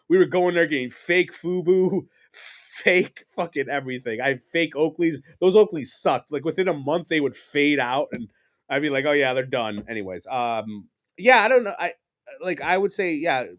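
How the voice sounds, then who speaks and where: A man's voice: a little high, moderate pace. A man in his forties with a New York accent, a podcast guest telling rambling stories in casual chat, swearing and laughing as he goes. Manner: rambling, swears freely, laughs mid-story.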